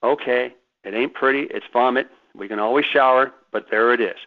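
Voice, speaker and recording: A man speaks as a guest on a radio show, his voice sitting in an ordinary middle pitch. He tells his stories emphatically and with animation, stumbling over repeated words as he pushes ahead. The sound is thin and phone-like. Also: a little fast. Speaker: guest author. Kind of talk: radio interview.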